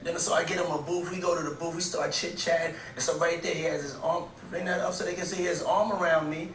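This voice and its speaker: A man telling an animated anecdote in an interview, lively, laughing and slangy. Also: on the high side, fast. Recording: echoey, distant, with hiss.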